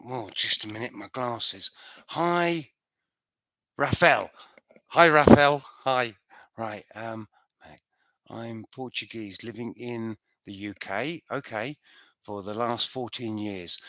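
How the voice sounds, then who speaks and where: A man's voice: medium pitch, fairly bright tone, no room sound, clean studio sound. A man from the United Kingdom answering viewer questions in a casual live stream at home, chatty and rambling, often restarting his sentences.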